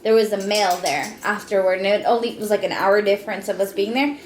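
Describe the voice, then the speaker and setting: A woman's voice: mid-range voice, fast, reverberant, slight background noise. Blunt woman telling a story. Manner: blunt, swears casually while telling a story. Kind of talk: casual chat.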